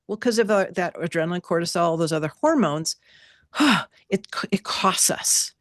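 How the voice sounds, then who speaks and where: A woman teaching an online workshop class over a video call, in an animated, playful way that repeats key words. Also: fairly low pitch, normal speed, dry recording, clean studio sound.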